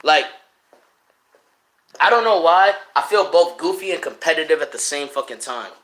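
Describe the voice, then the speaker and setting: Young man, livestream rant, profane, high voice, bright tone, roomy echo. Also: moderate pace. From Connecticut. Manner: profane, animated, swings between shouting and mumbling. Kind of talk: unfiltered casual rant to live chat. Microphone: streaming mic.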